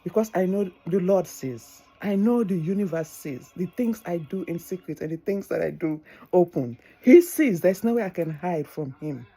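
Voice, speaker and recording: A woman's voice: fairly low pitch, animated, normal speed, warm tone, husky, low-quality recording. A middle-aged woman, tearing up as she gives earnest, preachy advice in a vlog, repeating phrases for emphasis. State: tearful. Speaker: vlogger. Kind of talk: heartfelt advice monologue.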